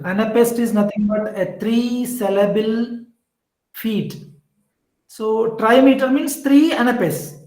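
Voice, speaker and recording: High-voiced lecturer in an echoey room. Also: male voice, a little mellow. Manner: explains step by step, repeats key terms, corrects himself. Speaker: English literature teacher. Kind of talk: online exam-prep lecture.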